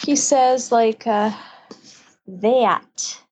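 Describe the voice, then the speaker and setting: A woman's voice: medium pitch, steady tone, moderate pace, darkish tone, a little hiss or hum, poor audio. A young woman from upstate New York, a podcast guest chatting casually, rambling and laughing often.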